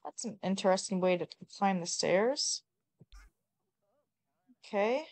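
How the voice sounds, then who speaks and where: Exasperated woman with a lively pitch. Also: slow pace. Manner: exasperated, swears often, talks to the characters. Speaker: gamer. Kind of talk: casual gameplay commentary.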